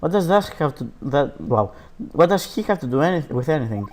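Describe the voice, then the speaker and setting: A man voicing a hesitant, fussy elderly judge from a game, pausing often as he talks. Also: fairly high pitch, very animated, a little mellow. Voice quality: hesitant, halting. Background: background game music.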